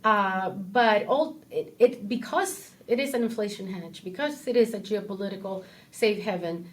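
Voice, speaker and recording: A woman who is a portfolio manager, a guest in an interview, explaining things in a measured way. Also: medium pitch. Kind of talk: casual interview.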